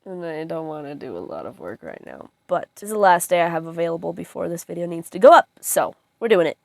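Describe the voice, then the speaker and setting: A woman's voice: on the low side, animated, quick pace, creaky, darkish tone, dry recording. A young woman chatting casually on her vlog, rambling with fillers and frequent giggles. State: tearful at times. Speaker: vlogger.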